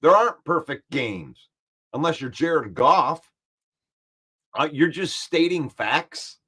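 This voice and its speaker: Male sports-stream host, fairly high-pitched, animated and combative. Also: slow pace, breathy edge. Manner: animated, argumentative, repeats points for emphasis. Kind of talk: casual live-stream chat, reading comments.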